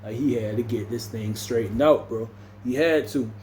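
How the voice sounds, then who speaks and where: Mellow-voiced man telling a prison story. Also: medium pitch, moderate pace, a little hiss or hum. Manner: loose slangy delivery, says bro after nearly every phrase. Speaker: storyteller recounting prison stories. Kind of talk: casual storytelling to camera.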